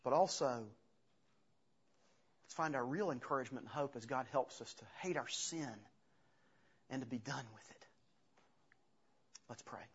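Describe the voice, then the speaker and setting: A man preaching a sermon as pastor, earnest and halting, often restarting his phrases. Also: mid-range voice, breathy edge. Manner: earnest, halting with restarts, retells scripture with acted quotes. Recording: dull lo-fi sound.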